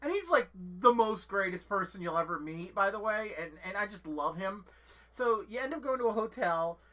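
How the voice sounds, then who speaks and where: Woman, channel host, casual rambling, swears a lot, lots of restarts and fillers, bright forceful tone. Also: mid-range voice, lively intonation, moderate pace. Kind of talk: casual rambling game talk.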